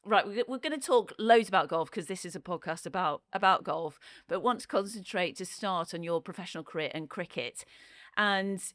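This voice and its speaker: A woman hosts an interview podcast. Her voice sits a little low, and she talks in a friendly, chatty way. The sound is close and dry, with no room around it. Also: moderate pace, a bit bright, no room sound. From Cheshire, England. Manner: friendly, chatty, asks follow-up questions. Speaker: podcast host. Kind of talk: casual interview chat.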